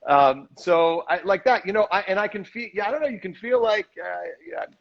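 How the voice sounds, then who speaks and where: A man's voice: high-pitched, lively intonation, fairly quick, lo-fi sound. A man, an actor and director, talking casually and reflectively in a live video chat, rambling a little and sounding tired. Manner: reflective, rambling, self-deprecating.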